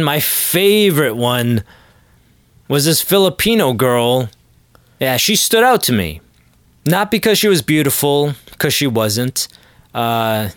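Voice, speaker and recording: Brief: sardonic male podcast host, rambling comic monologue, mid pitch, dry room. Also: no room sound. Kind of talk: comedic monologue.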